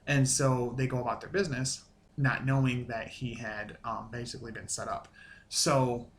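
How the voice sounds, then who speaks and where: A man's voice: mid-range voice, level tone, normal speed, a bit bright, slight background noise. A man hosting a casual episode review, rambling with lots of fillers and restarts and swearing casually. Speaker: show review host.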